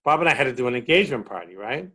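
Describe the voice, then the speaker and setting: A middle-aged man with a Boston accent, a comedian chatting as a guest and telling stage stories with lively, acted-out quotes. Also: mid-range voice, rapid-fire, husky. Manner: animated storyteller acting out quotes. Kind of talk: casual chat, storytelling.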